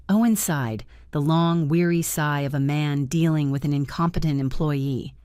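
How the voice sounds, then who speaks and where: Female storyteller, low voice, dramatic first-person read. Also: a little fast, darkish tone, no echo, clean studio sound. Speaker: narrator.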